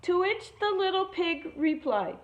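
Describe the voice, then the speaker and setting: A woman teacher reading a picture book aloud to children, expressive and stopping to explain words, on a muffled lo-fi recording. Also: very high voice, a little slow.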